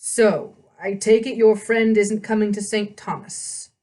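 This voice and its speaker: A woman's voice: mid-range voice, little pitch movement, a little slow, darkish tone, natural voice. A woman reading aloud and voicing a stern, wealthy middle-aged father who demands answers.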